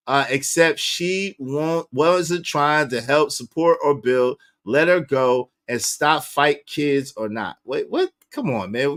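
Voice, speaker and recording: A man hosting a reaction video, giving blunt, animated commentary and laughing as he talks. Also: medium pitch. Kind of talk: casual commentary on clips.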